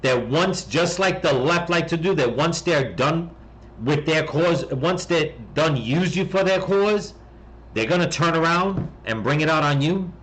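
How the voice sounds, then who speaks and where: A man in a rambling political commentary, talking bluntly and heatedly with plenty of swearing. His voice sits a bit high for a man, and he keeps restarting sentences and tacking on "okay?". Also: animated, measured pace, fairly bright tone, rough recording. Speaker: political commentary channel host.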